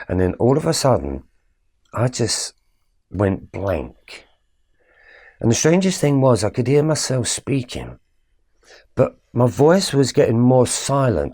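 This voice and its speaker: A middle-aged man recounting a personal story with animated storytelling, growing quiet and low at emotional moments. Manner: animated storytelling with quoted exchanges. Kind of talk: personal story told to camera.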